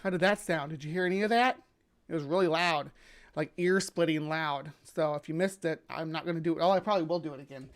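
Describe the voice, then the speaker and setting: A woman hosting a live stream in a bubbly, rambling, chatty way, her voice slightly hoarse from sinus drainage. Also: low voice, quick pace. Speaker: livestream host. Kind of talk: casual live-stream chat. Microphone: webcam setup.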